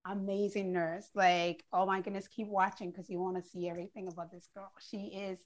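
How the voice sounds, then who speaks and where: A woman hosting a casual online chat show, effusive and gushing with excitement about her guest. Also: mid-range voice, a little fast. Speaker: show host.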